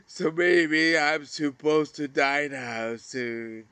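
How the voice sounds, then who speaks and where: A man vlogging an emotional, rambling monologue about missing his brother, swearing and swinging between loud outbursts and hushed murmurs. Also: a little high, very slow, clear, resonant tone, dry recording.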